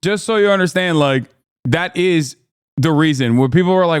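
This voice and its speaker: Brief: male streamer host, sarcastic banter, smooth slightly high voice, dry close mic. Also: normal speed, dry recording. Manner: joking, sarcastic, talks back to chat. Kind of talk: casual reaction commentary.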